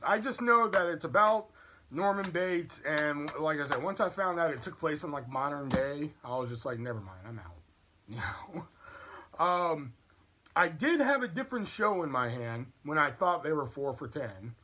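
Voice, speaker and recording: Bright-voiced man chatting on camera. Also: a little high, animated, measured pace. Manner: candid, chatty, rambling. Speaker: YouTube channel host. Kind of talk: casual product review and haul vlog.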